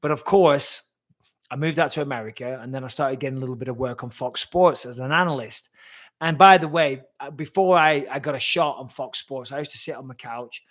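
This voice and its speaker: A man in his forties, once a fighter and now a commentator, hosts a laid-back live Q&A, firing off blunt answers to viewer questions with plenty of swearing. His voice sits at a medium pitch with a fairly bright tone.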